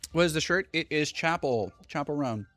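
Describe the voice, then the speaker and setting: A man's voice: on the high side, fairly bright tone, no echo. A young man hosting a livestream, ranting casually and profanely in a rambling way. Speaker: livestream host.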